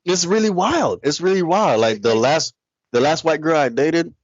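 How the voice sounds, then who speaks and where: A man's voice: on the high side, animated, moderate pace, no echo. A man chatting casually as a podcast co-host, retelling stories with emphatic repetition. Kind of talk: casual chat. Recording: dry, dull lo-fi audio.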